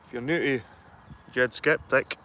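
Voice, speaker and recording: A man's voice: mid-range voice, fairly even intonation, a little slow, bright, forceful tone, a little hiss or hum. Man, middle-aged, casual live-stream vlogger, rambling and sweary, phone mic outdoors. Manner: rambling, sweary, matter-of-fact. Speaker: livestreaming vlogger. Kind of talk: casual chat to live viewers. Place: outdoors at a garden allotment.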